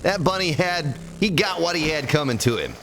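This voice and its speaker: This let's play streamer has a voice on the high side and talks at a normal speed in an expressive way. He offers folksy, joking commentary on a survival game and addresses viewers by name, with game music behind his voice and some background noise.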